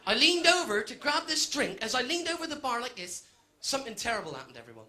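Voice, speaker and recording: A man's voice: very high-pitched, sing-song, quick pace, pushed and bright. A man doing a stand-up comedy set, telling a cheeky story to a live audience in a chatty way.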